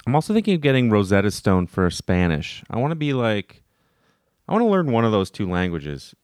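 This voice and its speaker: A man's voice: lowish voice, wildly swooping pitch, a little fast, darkish tone, dry recording, clean studio sound. A man co-hosting a podcast, joking in casual chat and often restarting his sentences. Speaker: podcast co-host.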